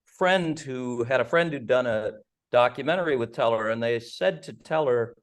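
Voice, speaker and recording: A chatty man hosts an interview over a video call and mixes jokes into his stories. His voice sits at a middling pitch for a man, and he speaks in an easy, conversational way. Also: moderate pace. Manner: chatty, joking, storytelling. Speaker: host.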